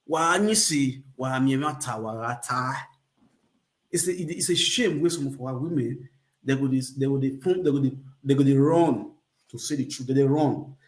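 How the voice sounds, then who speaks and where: A man's voice: medium pitch, normal speed. A man with a Nigerian accent hosting a casual livestream chat, rambling, repeating catchphrases and laughing often. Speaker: livestream host.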